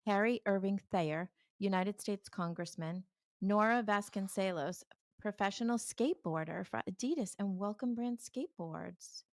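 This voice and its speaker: A woman's voice: medium pitch, moderate pace, no echo, clean studio sound. Woman co-host reading off lists. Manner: reads lists, stumbles on names. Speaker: real estate podcast co-host. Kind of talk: casual chat.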